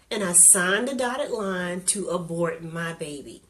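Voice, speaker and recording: A woman's voice: on the low side, animated, measured pace, fairly bright tone. A woman sharing a personal testimony in candid, conversational storytelling, earnest and openly emotional.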